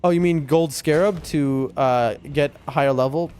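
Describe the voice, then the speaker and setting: A man's voice: a little high, normal speed, darkish tone, clean tone. A man streaming a game from his room at home, chatting loosely with his viewers in a rambling way. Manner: chatty, rambling, talks to chat and his cat. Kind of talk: casual live-stream chat.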